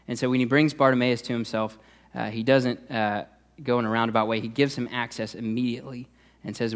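A man's voice: mid-range voice, fairly even intonation, a little fast. Conversational male youth pastor preaching. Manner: conversational, many "uh" fillers and restarts. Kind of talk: sermon.

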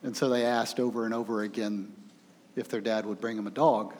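Storytelling pastor in a reverberant church. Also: male voice, fairly low pitch, brisk. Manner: conversational storytelling, animated. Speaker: senior pastor. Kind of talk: sermon. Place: church sanctuary. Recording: long reverb of a large hall.

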